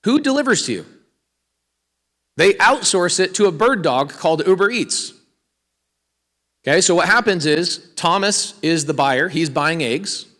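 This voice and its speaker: A man's voice: high voice, lively intonation, measured pace, long pauses, a bit bright, long reverb tail. A man giving a live real estate seminar, energetically quizzing the audience with questions and asking for raised hands. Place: large hall with an audience.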